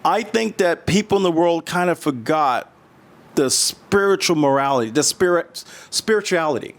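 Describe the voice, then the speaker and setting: A man's voice: on the high side, lively intonation, normal speed. A middle-aged man from the United States, a guest in a casual interview, talking earnestly and emotionally with many restarts.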